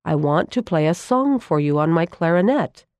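A patient, kindly older Danish man with a clarinet, gentle yet insistent, as a woman reading a storybook puts him on. The voice sits low and steady, close and dry with no room sound around it. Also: moderate pace, no echo. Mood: gentle, firm.

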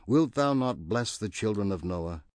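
A man's voice: on the low side, animated, unhurried, a little mellow, dry recording, studio quality. A man reading the words of a sorrowful male prophet who pleads earnestly with his God. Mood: pleading.

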